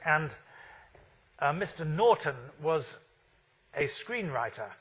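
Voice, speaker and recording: A man's voice: on the high side, very animated, slow, a bit bright, breathy edge, muffled recording. A man in his fifties giving a university architecture lecture, wry and full of rhetorical questions.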